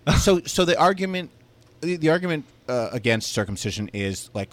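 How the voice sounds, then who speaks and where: A man's voice: a little high, big pitch swings, fairly quick. A man hosting a comedy podcast, talking frankly and bluntly in casual chat. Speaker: podcast host.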